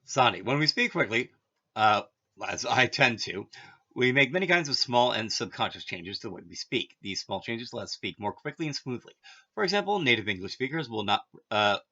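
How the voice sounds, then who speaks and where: Bright-voiced man reading a lesson. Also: fairly low pitch, animated, normal speed. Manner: reads text then adds offhand asides. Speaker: language teacher. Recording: dull lo-fi audio.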